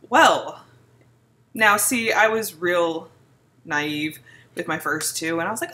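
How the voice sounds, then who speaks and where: A woman's voice: mid-range voice, lively intonation, measured pace, a bit bright. A pregnant woman in her thirties ranting in a casual vlog, blunt and sarcastic, mimicking other people's remarks. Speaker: vlogger.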